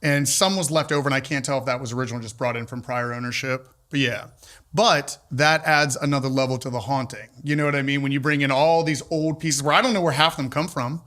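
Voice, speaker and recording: Bright, animated male storyteller. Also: mid-range voice, quick pace. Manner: animated storyteller, acts out quotes. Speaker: building owner. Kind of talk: live podcast chat. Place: large old building, live audience.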